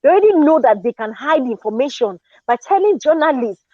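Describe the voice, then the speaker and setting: A Nigerian woman with a fairly high voice tells a story in an indignant, animated way and drops into Pidgin now and then. The sound is dry and close but dull and lo-fi, like a live audio chat room. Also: brisk, hardly any pauses, dry recording. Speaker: Twitter Space speaker. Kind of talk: casual storytelling rant.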